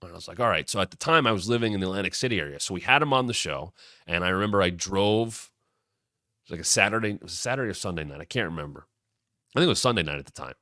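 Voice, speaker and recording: Forceful, animated storyteller man in his thirties. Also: lowish voice, no echo, clean studio sound. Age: 30s. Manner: animated, acts out quoted lines with sudden loud jumps; rambling, with frequent restarts and asides. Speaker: show host. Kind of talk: casual storytelling.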